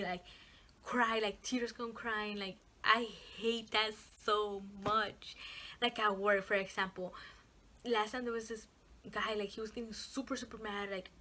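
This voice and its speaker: A woman's voice: medium pitch, a bit bright. A young woman talking casually to camera as a vlogger, rambling with lots of fillers and the odd swear word.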